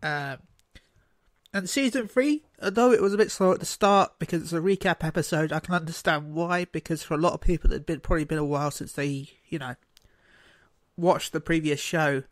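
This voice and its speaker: A man with a notably high, light voice hosts a laid-back podcast, rambling along and cracking jokes. His sound is close and dry, with no room around it. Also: brisk, no echo. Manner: rambling, joking, loose. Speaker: podcast host. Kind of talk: casual chat.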